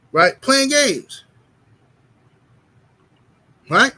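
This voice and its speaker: A man's voice: fairly high pitch, normal speed, pauses often, fairly bright tone. A man hosting a boxing commentary livestream, arguing emphatically, greeting chat and often checking in with "right?". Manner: emphatic and argumentative, keeps asking "right?".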